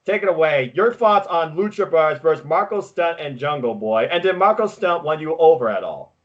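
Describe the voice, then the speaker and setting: A man co-hosting a podcast, recapping wrestling in casual chat with excitable, quick play-by-play. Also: on the high side, highs cut off. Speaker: podcast co-host.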